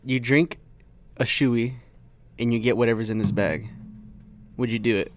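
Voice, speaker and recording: A man's voice: mid-range voice, fairly even intonation, moderate pace, no echo. A young man in casual podcast chat, joking and full of slang. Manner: joking, slangy, says "bro" and "dude".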